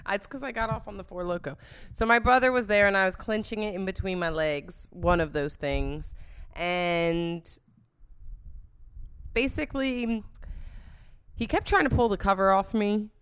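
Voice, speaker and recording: A woman's voice: mid-range voice, moderate pace, pauses often, fairly bright tone, smooth. A young woman hosting a podcast, telling stories in a candid, chatty way and often laughing. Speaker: podcast host. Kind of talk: casual confessional storytelling.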